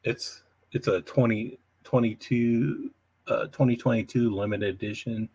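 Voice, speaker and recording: A man's voice: mid-range voice, fairly even intonation, unhurried, a little mellow, breathy edge, no echo. A man hosting a casual live chat from home, rambling and chuckling often. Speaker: livestream host.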